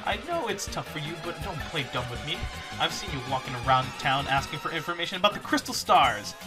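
A man's voice: fairly high pitch, very animated, fairly quick, music in the background. A man voicing a bossy grunt who sneers and bullies. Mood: sneering. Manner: bullying, sneering.

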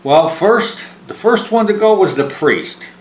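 Speaking a little slowly in a high voice with lively intonation, a man vlogs one side of a phone call to camera. He jokes, rambles, restarts and repeats himself, and pokes fun at himself. The sound is roomy with faint ambience.

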